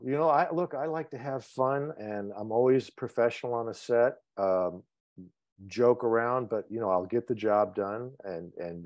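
A man's voice: medium pitch, a little mellow, no echo, muffled recording. A man from Cambridge, Massachusetts, hosting a podcast in casual, joking chat and telling stories with swearing. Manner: joking, swearing, playful storytelling. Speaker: podcast host.

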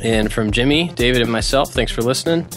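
A man's voice: mid-range voice, quick pace, music in the background. A man co-hosting a podcast who closes the episode in an easygoing, casual way. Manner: easygoing, relaxed sign-off. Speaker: podcast co-host. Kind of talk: casual chat, wrapping up the show.

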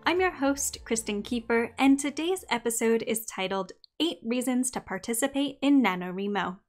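A young adult woman hosting a podcast, reading a scripted episode in an upbeat, clearly enunciated way. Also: on the high side, lively intonation, normal speed, faint music behind. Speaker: podcast host.

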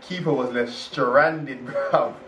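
A young man hosting a casual reaction video, excitable and exclaiming in slang, recorded in a roomy space away from the mic. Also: mid-range voice, slow pace. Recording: roomy echo, distant from mic.

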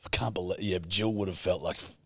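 Sweary Australian bloke, low voice. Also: male voice, fast, bright, forceful tone, no room sound, studio quality. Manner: blokey, swears a lot, cracks puns. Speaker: podcast co-host. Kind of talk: casual chat.

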